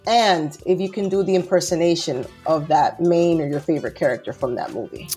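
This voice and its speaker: A woman's voice: low voice, a little fast, darkish tone, slightly rough, faint music behind. A woman co-host asking the guest a question, effusive and affectionate.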